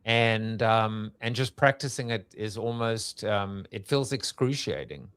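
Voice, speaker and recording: A man's voice: fairly low pitch, measured pace, fairly bright tone, clear, resonant tone, no echo. A man hosting a podcast interview, asking questions in a hesitant way, thinking aloud with many restarts. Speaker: podcast host. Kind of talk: conversational interview.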